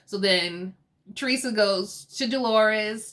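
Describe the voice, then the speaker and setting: A woman's voice: mid-range voice, measured pace, fairly bright tone. A woman casually recapping a reality TV episode, chatty and laughing often as she acts out the quotes. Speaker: TV recap host.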